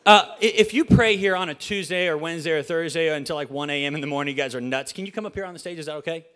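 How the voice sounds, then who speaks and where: Talking very fast in a slightly high voice that is fairly bright, clear, and resonant, a man preaches a casual sermon from a church stage. He jokes, chats playfully, stammers through restarts, and asks the congregation questions.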